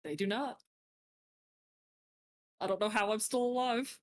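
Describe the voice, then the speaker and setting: A woman's voice: a little high, a little slow. Female player, joking tabletop banter, playful delivery. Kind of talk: casual tabletop game banter.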